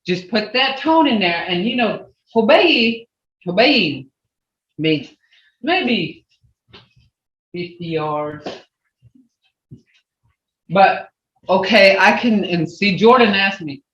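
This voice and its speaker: A language teacher on a video call who repeats words and swoops the pitch to show tones. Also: very animated, slow pace, pauses often, a bit bright. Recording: roomy, dull lo-fi video call audio.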